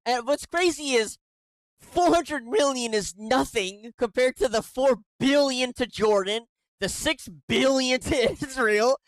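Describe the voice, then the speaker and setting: A woman's voice: high-pitched, unhurried, dry recording, poor audio. A woman giving casual reaction commentary on a clip, exasperated and swearing often. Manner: exasperated, swears a lot, says "bro".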